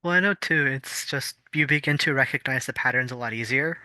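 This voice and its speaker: A man's voice: mid-range voice, fairly quick, pushed and bright, dry recording. A man co-hosting a casual podcast, explaining things thoughtfully with fillers and restarts. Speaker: podcast co-host. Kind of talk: casual chat.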